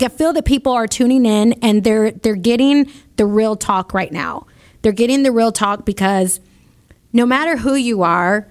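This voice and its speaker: A woman in her forties hosting a motivational radio talk show, upbeat and chatty, laughing often. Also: fairly high pitch. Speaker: radio show host and salon owner. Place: radio studio.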